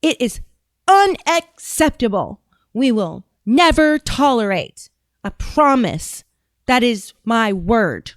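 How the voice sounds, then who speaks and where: A woman impersonating a female official who talks slowly and emphatically, as if to small children. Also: on the high side, big pitch swings, no room sound, clean studio sound. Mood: mock-stern. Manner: slow, emphatic, talking down as if to a child. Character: patronizing woman official, slow and over-careful.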